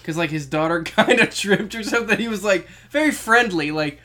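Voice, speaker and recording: A woman's voice: mid-range voice, animated, a little fast, fairly bright tone. A young woman chatting casually, telling stories with lots of laughing and acted-out quotes. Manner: giggly storyteller, acts out quotes. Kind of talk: casual chat.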